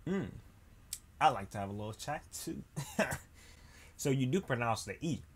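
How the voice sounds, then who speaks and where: A man's voice: medium pitch, expressive, normal speed, breathy edge. A man casually commentating his own gameplay, loose and chatty with laughs and sudden outbursts. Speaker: gaming YouTuber.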